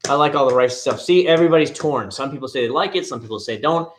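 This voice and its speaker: A man chats casually on a live stream from his living room at home. He rambles from point to point and answers his viewers as he goes. His voice sits in a plain middle pitch. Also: fast, slight background noise. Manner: rambling, chatty, answering chat.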